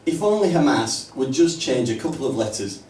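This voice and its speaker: Northern English stand-up comic, lively pitch. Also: male voice, moderate pace. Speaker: stand-up comedian. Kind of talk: stand-up comedy set. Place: small comedy club in a pub. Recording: roomy, distant live mic, faint ambience.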